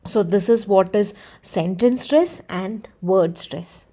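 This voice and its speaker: A woman's voice: mid-range voice, warm tone. A woman teaching a lesson on speech sounds, explaining carefully with frequent "uh" and "okay" checks. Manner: measured, explanatory, filler "uh" and "okay". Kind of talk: explaining phonetics.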